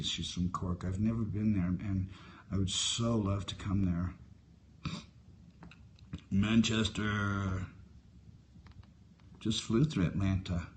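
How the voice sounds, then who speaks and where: A man in his fifties chatting casually on a phone live stream, answering viewer comments in a musing, unhurried way and drifting from topic to topic. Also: on the low side, darkish tone, slight background noise. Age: 50s. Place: hotel at sunrise. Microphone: phone held for a live stream.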